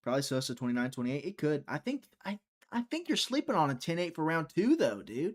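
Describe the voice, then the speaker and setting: A man's voice: a little high, huge pitch swings, fairly quick. A young man hosting a live fight-watching stream, chatty and teasing, reading viewer chat aloud.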